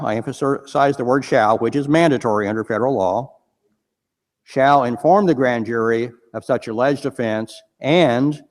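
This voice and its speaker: A man, an attorney, explaining a legal point to an audience, stressing key words deliberately. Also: mid-range voice. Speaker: attorney speaking at a panel event. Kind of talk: unscripted legal talk to an audience. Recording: long hall reverb.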